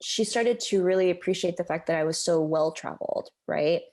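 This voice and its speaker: A woman's voice: fairly low pitch, brisk, a little mellow. An American woman in her thirties, a podcast guest telling a personal story in a candid, heartfelt way, full of "like" and "you know". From United States.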